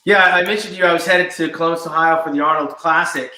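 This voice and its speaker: A man's voice: fairly high pitch, fairly even intonation, quick pace, pushed and bright. A man in his fifties, co-hosting a podcast and telling stories with enthusiasm. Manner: enthusiastic storytelling. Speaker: podcast co-host. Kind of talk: casual chat. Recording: echoey room.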